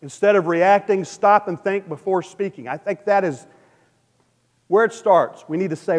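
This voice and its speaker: A man preaching a sermon as pastor, earnest and personal, swinging between loud emphasis and a soft, gentle hush. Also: sits high, moderate pace, in a large hall.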